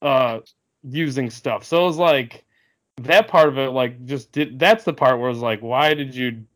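A man talking through a casual sports podcast at an everyday pitch. He rambles, circles back and restarts his sentences often. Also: unhurried. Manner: rambling, many fillers and restarts. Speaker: podcast co-host.

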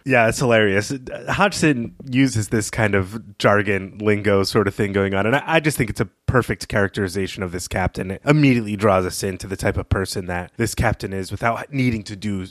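A man's voice: on the low side, brisk, hardly any pauses, dry recording, studio quality. A man co-hosting a podcast, giving thoughtful, analytical commentary in a casual discussion. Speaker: podcast co-host.

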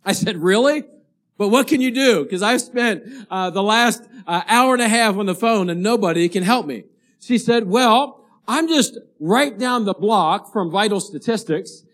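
A man, a pastor, preaching a sermon and telling a story in a lively, animated way. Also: high voice. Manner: animated storyteller, rising to excited shouting at the climax.

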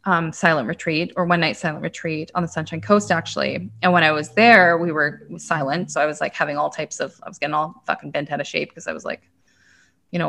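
A woman's voice: lowish voice, brisk, creaky, a bit bright. A woman in her thirties from Canada, a podcast guest and intuitive coach telling her own story in a chatty, casual way, swearing freely and saying "like" often.

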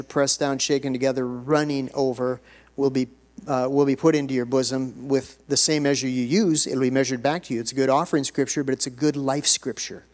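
A man's voice: medium pitch, a little mellow. A man pastor preaching a sermon, moving between conversational asides and bursts of emphatic delivery.

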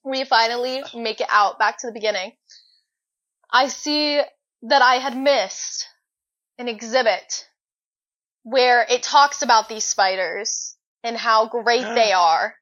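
A young woman co-hosting a podcast, telling a story in an animated, dramatic way. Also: a little high, slow. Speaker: podcast co-host. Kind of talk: casual chat. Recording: dull lo-fi recording.

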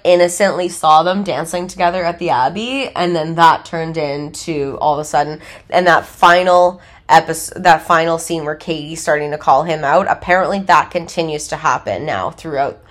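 A woman's voice: fairly low pitch, normal speed. A young woman hosting a podcast, telling a reality-show recap in a chatty way, full of filler words and laughter. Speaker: podcast host.

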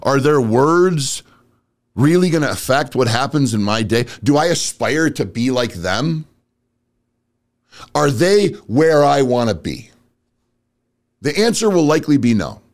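Male motivational speaker, mid pitch, lively swings, blunt casual delivery. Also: measured pace, long pauses. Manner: blunt, direct, street-casual, addresses audience as bro and guys. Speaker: motivational speaker and auto business owner. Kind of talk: casual motivational talk to viewers.

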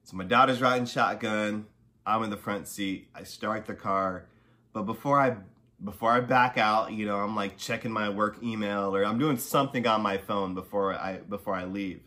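A man's voice: on the low side, normal speed, sharp tone. A man hosting a podcast, telling a personal story in a casual, conversational way, full of asides, getting heated when angry. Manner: conversational, many "you know" and "right?" asides. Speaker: podcast host.

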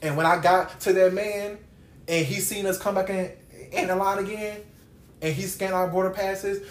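A man's voice: high voice, fairly even intonation, moderate pace. A man hosting a Bible study podcast, preaching in a casual, conversational way and repeating phrases for emphasis. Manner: conversational, with slangy asides. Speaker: podcast host and Bible teacher. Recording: roomy echo.

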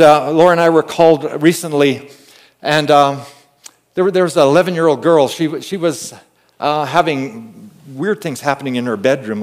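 A man preaching a conversational sermon. He moves between hushed asides and loud, emphatic calls, often adding an amen and repeating words as he tells stories. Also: on the high side. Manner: repeats and restarts words while storytelling. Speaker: pastor.

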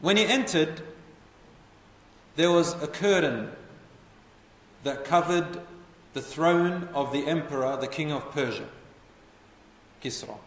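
A man telling a history story as a lecture, animated and putting questions to his listeners. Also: fairly high pitch, slow, pauses often. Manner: animated, asks the audience questions. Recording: echoey hall, voice from far off.

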